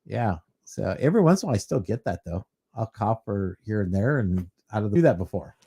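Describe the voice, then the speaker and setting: A man's voice: fairly low pitch, very animated, a little fast, warm tone, breathy edge. A man co-hosting a casual live-streamed talk show, getting over a cold, answering in an easygoing, agreeable way. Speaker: podcast co-host.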